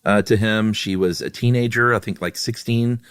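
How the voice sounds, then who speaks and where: A man co-hosting a podcast in casual chat, relaxed and self-deprecating with many fillers. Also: lowish voice, moderate pace, clean tone, no room sound, clean studio sound. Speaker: podcast co-host.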